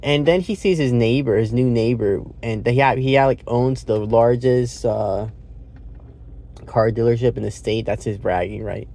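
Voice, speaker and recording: A man's voice: mid-range voice, normal speed, mellow. Rambling man reviewing a movie in his car. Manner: rambling and loose, frequent fillers, swearing, laughing at his own retelling. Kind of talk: casual spoken movie review. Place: inside a parked car.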